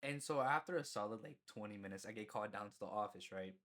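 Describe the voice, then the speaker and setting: A man's voice: on the low side, quick pace, fairly bright tone. Rambling young man telling a story. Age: young adult. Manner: rambling, peppered with "you know" and swearing; laughs at himself mid-story. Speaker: storyteller vlogger. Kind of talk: casual storytime.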